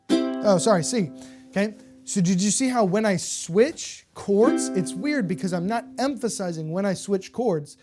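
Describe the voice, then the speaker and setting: A woman's voice: medium pitch, lively intonation, moderate pace, loud music behind the voice. A woman teaching a beginner ukulele lesson, counting beats aloud and checking in patiently with her students. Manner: patient, encouraging, checks in with "okay?" often.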